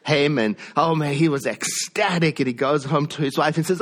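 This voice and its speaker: A male minister preaching a sermon in an animated storytelling way, often asking his listeners questions. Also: on the high side, normal speed, hardly any pauses.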